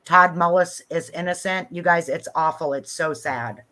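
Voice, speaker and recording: A woman guest in a casual podcast chat, chatty and laughing along, speeding up when excited. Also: on the low side, normal speed.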